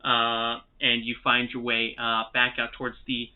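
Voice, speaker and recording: A man narrating as game master in a tabletop game, relaxed and halting with lots of filler pauses. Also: medium pitch. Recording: tinny phone-like sound.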